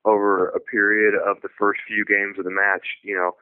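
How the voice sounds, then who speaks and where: A tennis coach talking on a radio show, telling stories in a relaxed, conversational way. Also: male voice, on the low side, moderate pace, clear, resonant tone, no room sound. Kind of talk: radio talk show discussion. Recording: tinny phone-like radio audio.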